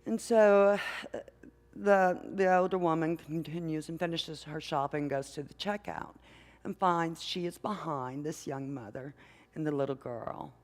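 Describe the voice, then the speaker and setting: An older woman, a mother and grandmother, preaching a sermon in a church with an unhurried, conversational manner, often asking the congregation questions. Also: low-pitched, darkish tone. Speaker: minister. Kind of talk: sermon with storytelling. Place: church sanctuary. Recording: long hall reverb.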